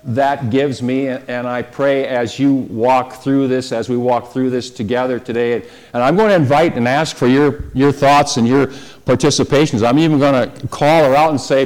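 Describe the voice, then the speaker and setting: A man leading a church service, preaching in an easy conversational way and slowing down on key phrases. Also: medium pitch, steady tone, darkish tone. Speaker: pastor. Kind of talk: sermon.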